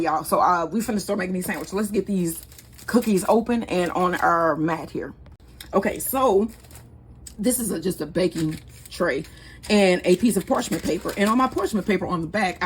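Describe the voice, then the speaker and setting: Woman, 40s, cooking-vlog host; chatty, rambling, lowish voice, faint background hum. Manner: chatty, rambling, laughs easily. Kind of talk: casual cooking vlog chat.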